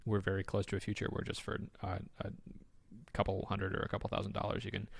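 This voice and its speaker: A man co-hosting a podcast, chatting casually and telling stories with lots of fillers, getting excitable as he goes. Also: on the low side, fast, gravelly, slightly rough, no room sound. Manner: animated, excitable storyteller with frequent fillers. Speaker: podcast co-host. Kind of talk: casual chat.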